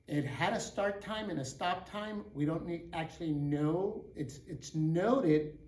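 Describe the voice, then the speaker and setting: A man teaching a Spanish lesson, slow and deliberate, stressing every ending and checking in with his class. His voice sits a little high, and the sound bounces around an echoey room.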